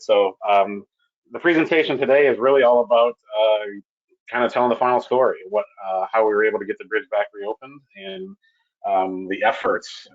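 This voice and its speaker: A man presenting a technical webinar on a bridge repair, talking in a halting way with many restarts and fillers. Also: lowish voice, muffled recording.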